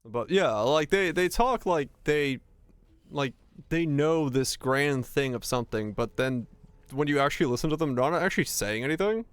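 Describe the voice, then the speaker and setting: A man's voice: a little high, animated, normal speed, clean tone, no echo. Rambling, profane young man streaming. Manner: rambling and profane, with frequent stammered restarts. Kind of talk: casual chat while gaming, reading chat.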